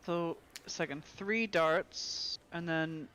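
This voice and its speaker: A man's voice: fairly high pitch, very slow, pushed and bright. A man playing a tabletop role-playing game, talking casually with hesitant fillers and jokes. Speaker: player.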